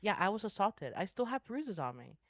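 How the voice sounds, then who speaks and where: A woman's voice: medium pitch, very animated, fairly quick, dry recording. A woman guest in a casual interview, talking emphatically with slangy asides. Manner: emphatic, slangy, says bro. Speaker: guest, online streamer.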